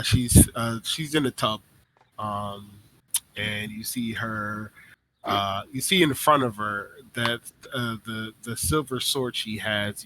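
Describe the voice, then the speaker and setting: A man narrating as the game master of a tabletop game, slow and full of fillers. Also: on the low side, pushed and bright, a little hiss or hum, low-quality recording.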